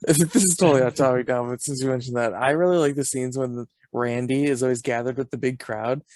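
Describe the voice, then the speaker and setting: A young adult man co-hosting a podcast in a relaxed, rambling way, breaking into laughter as he retells scenes. His voice sits at an ordinary middle pitch. The recording is close and dry, with no room sound. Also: brisk, no room sound. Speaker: podcast co-host. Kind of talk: casual chat.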